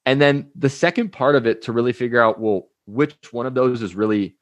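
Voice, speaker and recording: Energetic man telling stories, dry sound. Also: mid-range voice, brisk, no echo. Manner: energetic storyteller, uses anecdotes and acted-out quotes. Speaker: guest, life coach. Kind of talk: casual interview talk.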